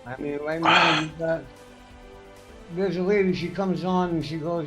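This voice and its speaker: A man's voice: a little high, steady tone, unhurried, pushed and bright, faint music behind. A man hosting a casual livestream chat, swearing freely and laughing as he tells stories. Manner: profane, laughing storyteller. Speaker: podcast host.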